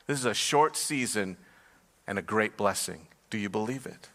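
A man's voice: fairly low pitch, moderate pace, fairly bright tone. A man, a pastor, preaching a sermon with storytelling that builds to emphatic passages. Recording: long hall reverb.

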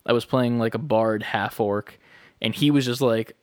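A man's voice: mid-range voice, fairly even intonation, moderate pace, clean tone, no echo, clean studio sound. A young man chatting on a podcast, telling a rambling story full of fillers. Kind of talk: casual chat.

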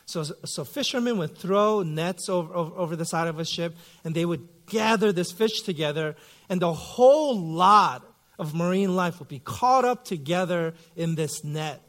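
A man in his thirties, a pastor giving a sermon in a relaxed, conversational storytelling way with lots of fillers. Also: high voice, moderate pace. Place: church sanctuary.

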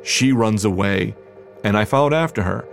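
A young man recounts a personal story in a relaxed, conversational way, with a voice that sits a little low. He speeds up and gets animated when he replays his own words. Music plays clearly behind him throughout. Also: normal speed. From New Jersey. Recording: music underneath.

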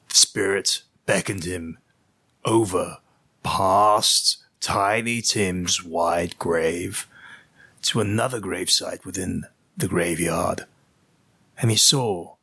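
A man narrating a comic story in a deliberate, mock-serious storybook manner. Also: sits low, vocal fry, bright, forceful tone, slightly rough, dry recording.

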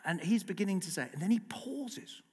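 A middle-aged man, a broadcast journalist and guest speaker, telling lively, self-mocking stories at a festival talk. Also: high-pitched, brisk, slightly rough. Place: festival lecture hall. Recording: long reverb in a large hall.

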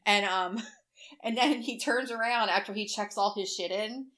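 A woman's voice: mid-range voice, normal speed, a bit bright. A middle-aged woman co-hosting a casual podcast, telling long rambling stories, swearing freely and laughing often. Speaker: podcast co-host. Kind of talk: casual chat.

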